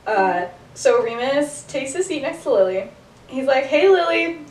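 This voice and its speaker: A woman with a high-sitting, darkish voice and lively intonation retells a story at a measured pace as a podcast co-host. She rambles in casual chat, saying "like" constantly and laughing often. The room is echoey and the mic distant.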